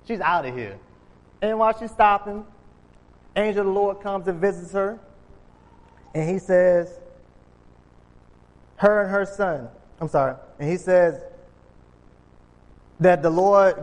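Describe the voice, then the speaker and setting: A man's voice: high-pitched, normal speed. A man preaching an informal sermon, retelling Bible stories in casual, conversational speech and acting out the characters. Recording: long hall reverb.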